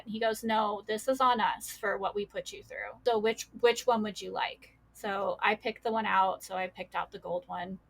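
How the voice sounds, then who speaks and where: A woman's voice: medium pitch, a bit bright. A young adult woman, a podcast guest, telling a painful personal story with many fillers and quoted voices.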